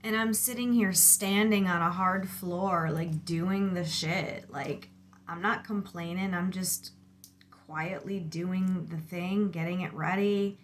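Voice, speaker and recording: A woman's voice: on the low side, steady tone, slow pace, slight background noise. A woman in her thirties venting in a rambling, casual monologue about her kids, exasperated and filler-heavy. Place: outdoors near a lawnmower.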